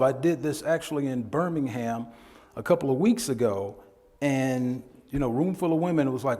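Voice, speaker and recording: A man leads a workshop in a fairly high voice that swings up and down in pitch as he talks. He lectures in a loose, conversational way and laughs often. The sound carries a long hall reverb. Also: lively intonation, normal speed, a little mellow. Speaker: workshop presenter. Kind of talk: lecture with storytelling. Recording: echoey hall.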